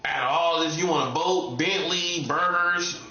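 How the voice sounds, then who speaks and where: A man's voice: on the high side, measured pace, pushed and bright, echoey room, dull audio. A man preaching in a casual, street-talking way, repeating himself and laughing at his own jokes. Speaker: prophet. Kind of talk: informal preaching monologue.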